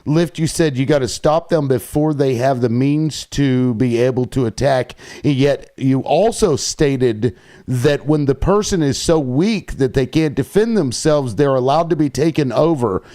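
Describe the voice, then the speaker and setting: A man's voice: medium pitch, measured pace, mellow. A man on a live political panel who challenges others bluntly and swears. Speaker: panel guest. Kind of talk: heated political panel debate.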